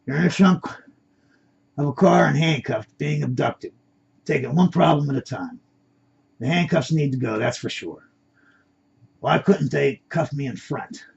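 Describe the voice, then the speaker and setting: A man's voice: on the high side, lively intonation, measured pace, creaky, long pauses, a little mellow, a little hiss or hum. A man voicing a frightened captive chemist, muttering panicky words to himself, on a dull lo-fi recording. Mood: anxious.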